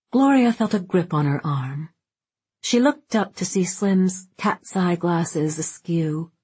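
Slow, husky woman narrating a novel. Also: on the low side, a little mellow. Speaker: audiobook narrator. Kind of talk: scripted literary narration.

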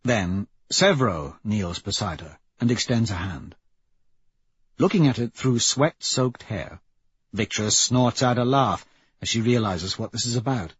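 A man reading a novel aloud as a first-person audiobook narrator, in a steady, measured way. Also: lowish voice, slightly rough, no room sound, lo-fi sound.

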